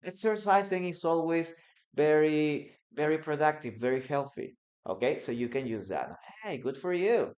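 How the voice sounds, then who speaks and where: A Peruvian English teacher with a mid-range, slightly mellow voice and lively intonation speaks at normal speed in a casual bilingual lesson. She acts out short example dialogues and often ends explanations with "no?". The lo-fi recording sounds slightly dull.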